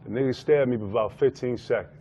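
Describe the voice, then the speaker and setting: A former basketball player telling an animated story, laughing as he goes. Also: mid-range voice, fast, highs cut off, a little hiss or hum. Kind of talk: storytelling in a clip.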